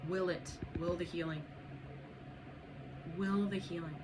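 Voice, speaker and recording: A woman's voice: fairly low pitch, fairly even intonation, slow. A woman giving a spiritual tarot reading to viewers, blunt and profane, urging and repeating herself. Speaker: tarot reader. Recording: noisy background.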